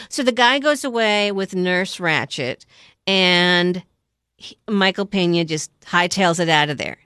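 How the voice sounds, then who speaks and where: A woman casually recapping a movie plot in an animated way, acting out scenes with sound effects and quoted voices. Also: lowish voice, measured pace, clear, resonant tone, dry recording, clean studio sound. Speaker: podcast co-host recapping a movie. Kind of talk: casual chat.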